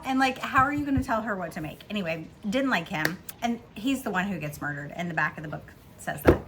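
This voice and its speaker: A woman chatting casually from home about a book she read, giggling often and filling pauses with ums and likes. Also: mid-range voice, animated, noisy background. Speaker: book vlogger. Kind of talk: casual book review chat.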